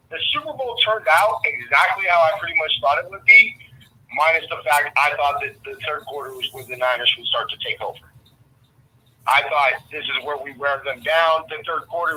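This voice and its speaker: A man's voice: fairly high pitch, bright, forceful tone, husky. Opinionated middle-aged man on a tinny line. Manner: opinionated, repeats words while thinking. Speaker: guest sports commentator. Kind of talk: casual sports talk.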